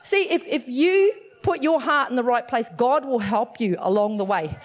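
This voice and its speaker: A middle-aged woman giving a chatty, animated church message, telling a personal story with self-deprecating laughs. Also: a little high, normal speed. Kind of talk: personal testimony sermon.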